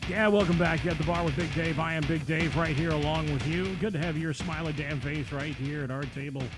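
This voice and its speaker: Male radio host, casual teasing banter, slightly high voice, music bed behind. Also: steady tone, brisk. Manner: jokey, teasing, mildly crude.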